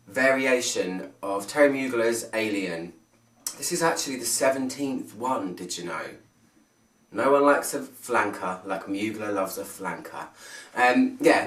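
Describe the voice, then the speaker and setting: A man's voice: mid-range voice, distant mic. A British man reviewing a fragrance in a casual, self-mocking chat, full of fillers and restarts. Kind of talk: casual talk to camera. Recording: roomy sound, mic set some way off.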